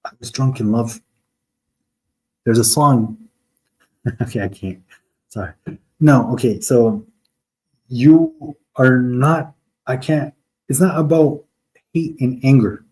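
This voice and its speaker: Husky, mellow-voiced man preaching online. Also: mid-range voice, slow pace, pauses often. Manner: argumentative, mocking, talks straight to viewers; quotes Arabic verses mid-speech. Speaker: online religious host. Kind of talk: live online religious talk answering chat.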